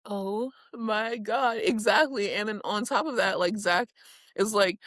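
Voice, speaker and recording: A woman co-hosting a podcast in casual chat, animated and laughing, swearing freely and acting out quotes. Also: mid-range voice, measured pace, dry recording, studio quality. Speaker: podcast co-host. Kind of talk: casual chat recapping reality TV.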